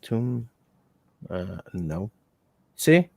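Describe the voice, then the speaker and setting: A man's voice: on the low side, sing-song, extremely slow, creaky, mellow, dry recording. A man hosting a casual bushcraft livestream, talking in a rambling, joking, self-mocking way. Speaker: bushcraft channel host.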